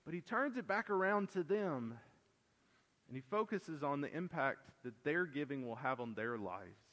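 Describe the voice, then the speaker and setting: A man preaching an earnest expository sermon as pastor, moving between emphatic and hushed delivery. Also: a little high, expressive, moderate pace. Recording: long reverb of a large church hall.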